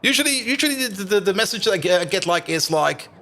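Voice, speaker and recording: A man with a fairly high, bright, forward voice, talking through a live game stream. His pitch swings widely as he chats with viewers, and he laughs easily between remarks. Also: lively intonation, fast. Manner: chatty, laughs often, greets chat.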